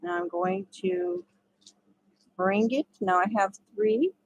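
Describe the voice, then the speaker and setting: A woman's voice: medium pitch, takes it slowly, long pauses, darkish tone, no room sound, dull audio. A woman giving a casual step-by-step crochet tutorial, chatty and laughing often. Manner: chatty, laughs often, talks to her dogs.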